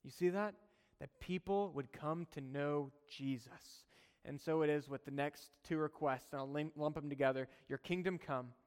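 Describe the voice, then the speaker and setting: A man's voice: on the high side, moderate pace, smooth, long reverb tail. A man preaching a sermon in a conversational way, mixing teaching with chuckling personal asides.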